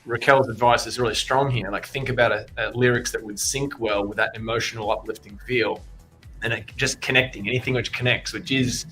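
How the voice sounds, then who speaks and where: A man's voice: mid-range voice, steady tone, fairly quick, a bit bright. A man on a music feedback panel, talking casually and frankly, rambling with restarts.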